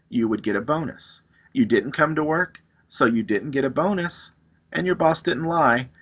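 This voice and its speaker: A man's voice: medium pitch, fairly bright tone, lo-fi sound. A man teaching a recorded math lesson, explaining step by step with everyday examples. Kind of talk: recorded lecture, writing on screen.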